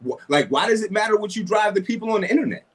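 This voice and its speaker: A man's voice: high-pitched, lively intonation, racing. Man lecturing on a livestream panel. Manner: lecturing, preachy.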